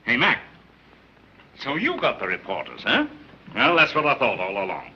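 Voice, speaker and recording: A sarcastic police commissioner. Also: male voice, mid-range voice, wildly swooping pitch, normal speed, sharp tone, a little hiss or hum, full character voice. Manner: sarcastic, clipped. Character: sarcastic hard-nosed police commissioner man. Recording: dull muffled 1930s film soundtrack.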